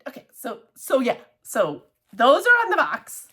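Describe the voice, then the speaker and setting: A woman chatting casually in a show-and-tell craft vlog, gushing and excitable, with many restarts and laughs. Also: sits high, unhurried, husky. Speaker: cross-stitch vlogger.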